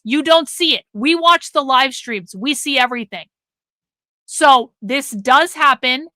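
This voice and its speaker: A woman's voice: high-pitched, sharp tone, no room sound. A woman hosting a live stream, giving blunt, profane, emphatic commentary. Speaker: livestream host.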